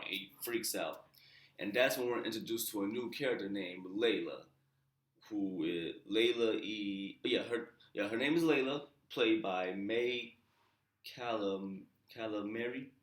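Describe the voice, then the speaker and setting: A man with a lowish voice talks through a TV episode in an easy, slangy way. He drops profane asides and mutters side remarks under his breath. He is in a roomy space with an echo. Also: a bit bright. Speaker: TV episode reviewer, channel host. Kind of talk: casual unscripted episode recap.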